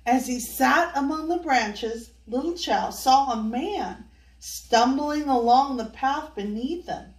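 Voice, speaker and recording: A woman's voice: high voice, slow pace. An older woman hosting a children's storybook read-aloud, playfully coaxing young listeners to join in. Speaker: storyteller host. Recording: echoey room, voice from far off.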